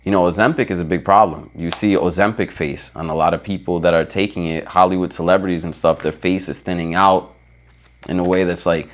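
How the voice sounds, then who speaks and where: A man's voice: low voice, fairly even intonation, brisk. A man giving a motivational fitness vlog, emphatic and stretching out key words, often checking in with "right?". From United States. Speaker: fitness vlogger. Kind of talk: motivational talking-head vlog.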